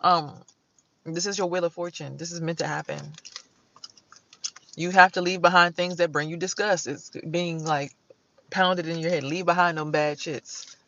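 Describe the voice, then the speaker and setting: Bright-voiced blunt woman reading tarot. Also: fairly low pitch, normal speed, dull audio, slight background noise. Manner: blunt, animated, slangy, breaks into song. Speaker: tarot reader and vlogger. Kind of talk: casual tarot reading vlog.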